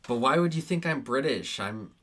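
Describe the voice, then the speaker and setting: A man's voice: medium pitch, animated, normal speed, fairly bright tone. A young American man from Nevada chatting casually on a live stream, reading viewer comments aloud and arguing with them, swearing when he gets annoyed. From United States. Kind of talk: casual live-stream chat while playing a geography quiz.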